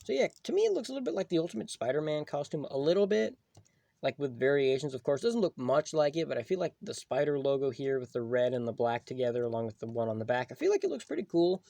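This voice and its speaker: A man's voice: mid-range voice, big pitch swings, fast talker, vocal fry, dark tone, dry recording. A young man giving a casual, rambling toy review at home, filling his talk with "like" and "you know". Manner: rambling, filler-heavy, full of "like".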